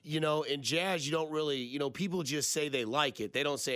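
Rambling, jokey radio host. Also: male voice, mid-range voice, brisk, few pauses, pushed and bright, dry recording, studio quality. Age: 30s. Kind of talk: casual radio talk.

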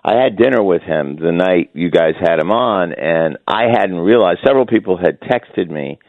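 A man's voice: low voice, lively intonation, moderate pace, no echo. A man calling in as a regular guest on a sports radio show, chatting casually and rambling with self-corrections while hiccuping. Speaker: guest columnist. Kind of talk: casual sports chat by phone. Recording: tinny phone line.

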